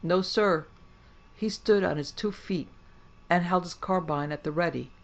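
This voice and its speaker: A woman's voice: on the low side, unhurried, lo-fi sound. A woman voicing a shaken, plain-spoken rustic cavalry corporal. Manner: folksy, plain-spoken, uneasy.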